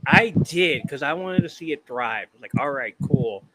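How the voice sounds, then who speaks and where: A man's voice: on the high side, lively intonation, moderate pace, bright, forceful tone, rough recording. A man hosting a casual podcast, counting down a ranked list in a loose, profane way and often trailing off to restart. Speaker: podcast host. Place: live-streamed podcast. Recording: clear background noise with clicks.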